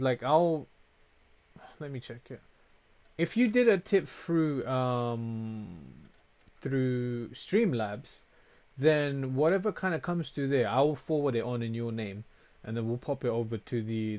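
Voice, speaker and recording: A man's voice: medium pitch, lively intonation, normal speed, a little mellow. Casual swearing male game streamer. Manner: casual, swears often, reacts to chat. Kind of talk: casual chat reading stream comments.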